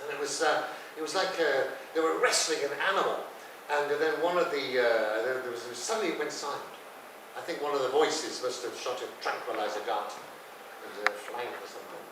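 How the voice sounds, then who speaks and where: A man's voice: mid-range voice, fairly quick. A man giving a drama masterclass, talking conversationally and telling a vivid story in a drama studio. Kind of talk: teaching and storytelling monologue. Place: drama studio with dark curtains. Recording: echoey hall, mic far off, background noise.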